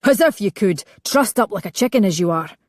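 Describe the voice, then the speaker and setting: A woman's voice: medium pitch, animated, brisk, darkish tone, no echo, studio quality, lightly acted. A woman voicing a harsh, barking bandit man. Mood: scornful. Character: gruff balding male cattle thief, bullying.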